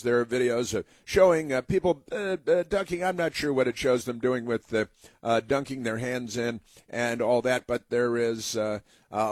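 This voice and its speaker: A man's voice: medium pitch, no room sound. A man from the United States hosting a casual political commentary monologue, rambling with many fillers and restarts in a mocking tone.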